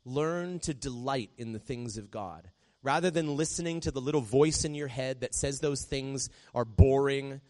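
Conversational preaching man, soft hushed asides. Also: mid-range voice, moderate pace. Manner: conversational preaching, drops to a soft hush when quoting prayers. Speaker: pastor. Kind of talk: sermon.

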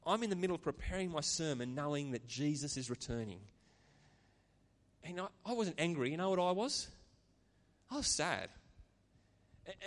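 A man's voice: on the high side, expressive, moderate pace, big-room sound. A man preaching a sermon as pastor, earnest and conversational, with chatty asides to the congregation. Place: church.

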